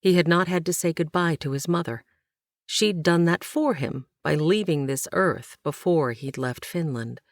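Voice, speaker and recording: Here a low-voiced woman delivers scripted audiobook narration of a historical novel, keeping her storytelling even and measured. There's no echo; the sound is close and dry.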